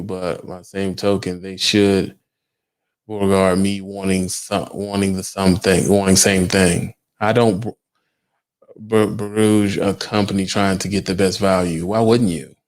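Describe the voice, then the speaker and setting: A man's voice: deep voice, little pitch movement, a little slow. A young adult man, a truck driver, talking casually on a livestream, firing emphatic rhetorical questions at his viewers.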